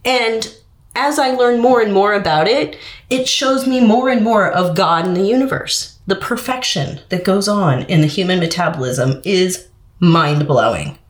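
A woman's voice: mid-range voice, measured pace. Exasperated woman ranting. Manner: exasperated, profane, blunt. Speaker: dietitian. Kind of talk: ranting vlog monologue.

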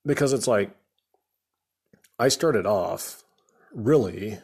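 A man's voice: lowish voice, expressive, slow pace, gravelly, darkish tone, breathy edge. A man, a remodeling contractor, telling a rambling, exasperated story about a bad client job, with lots of fillers. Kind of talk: casual storytelling rant.

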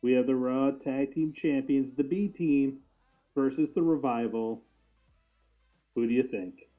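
A man's voice: mid-range voice, unhurried, phone-quality sound, soft background music. A man co-hosting a casual wrestling podcast, joking around, laughing often and swearing casually over a remote call. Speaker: podcast co-host.

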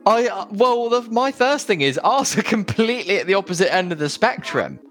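A man co-hosting a podcast with a fairly high voice that swings widely in pitch. He chats in a casual, amused way and laughs easily. Faint music sits under his voice. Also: lively intonation, brisk, a bit bright. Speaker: podcast co-host. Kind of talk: casual chat.

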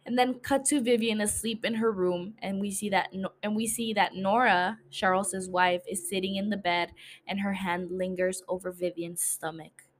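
A young woman hosting a casual recap podcast, animated and swearing freely, laughing often as she talks. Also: mid-range voice, normal speed, a little hiss or hum. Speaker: podcast host.

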